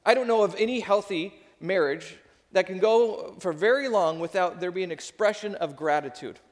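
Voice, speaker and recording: Man preaching in a reverberant hall. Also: sits high. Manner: conversational preaching, animated, quick asides. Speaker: pastor. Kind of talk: sermon. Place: church sanctuary.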